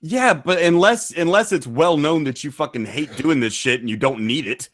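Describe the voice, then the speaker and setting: A male streamer cutting an aggressive, yelling mock wrestling promo, full of trash talk. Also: fairly high pitch, moderate pace.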